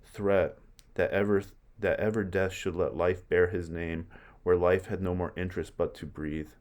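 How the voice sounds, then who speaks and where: A sorrowful older Roman brother speaks in measured verse, as a man reads his part aloud. The voice is low and even. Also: lightly acted.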